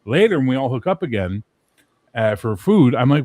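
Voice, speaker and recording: A man in casual chat, telling profane, animated anecdotes and acting out the people in them. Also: mid-range voice, quick pace, dry recording.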